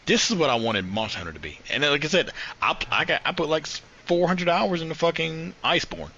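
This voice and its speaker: A man's voice: a little high, expressive, fast, sharp tone, highs cut off, a little hiss or hum. A man co-hosting a podcast, telling gaming stories in casual chat and swearing freely. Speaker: podcast co-host.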